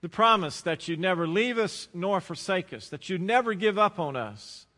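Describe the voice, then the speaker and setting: High, bright-voiced man preaching a sermon. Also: animated, in a large hall. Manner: preaching with rising emphasis and dramatic pauses. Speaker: pastor.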